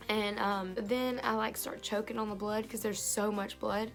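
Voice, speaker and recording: A woman's voice: mid-range voice, moderate pace. Young female vlogger, chatty storytime delivery, phone mic, faint background music. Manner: fillers and lively retelling with quoted voices. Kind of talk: storytime vlog.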